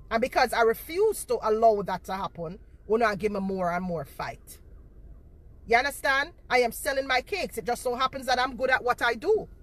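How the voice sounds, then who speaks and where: Holding a phone up to her face, a woman in her 40s livestreams and takes her viewers to task, repeating points for emphasis. Her voice is mid-range and a bit bright.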